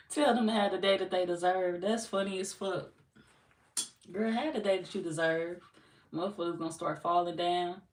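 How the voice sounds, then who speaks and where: A young woman with a St. Louis accent, chatting casually with her livestream viewers, loose, profane and joking. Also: fairly low pitch. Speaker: tarot livestream host. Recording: roomy, distant from the mic, light noise.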